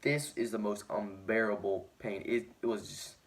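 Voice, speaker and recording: A man's voice: on the low side, steady tone, normal speed. A teenage boy vlogging, telling his story in a rambling way with lots of "like" fillers, sounding injured and shaken. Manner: rambling, heavy use of "like" fillers. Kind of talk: casual storytelling to camera.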